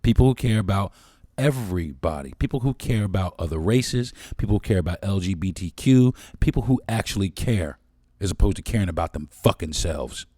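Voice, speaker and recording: A man with a very deep voice talking straight into the mic on his own podcast. He speaks bluntly and with passion, swearing freely. The sound is dry and close, with no room around it. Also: expressive, fairly quick, warm tone, dry recording. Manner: blunt, profane and impassioned. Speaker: podcast host. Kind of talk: solo podcast monologue.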